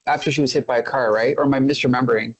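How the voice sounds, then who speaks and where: A middle-aged man runs a casual podcast chat, upbeat and steering the talk. His voice sits at an ordinary middle pitch. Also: steady tone, very fast, rough recording. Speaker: podcast host.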